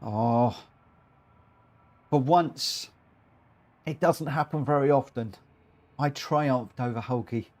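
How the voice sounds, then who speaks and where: A man hosting a live racing game stream, talking excitedly and rambling, often tripping over his own words. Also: mid-range voice, slow, pauses often.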